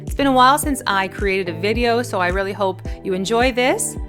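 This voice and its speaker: Music plays behind this woman's brisk, mid-range voice as she runs her own channel. An English teacher, she walks viewers through punctuation in an online grammar lesson with clear, patient explanations.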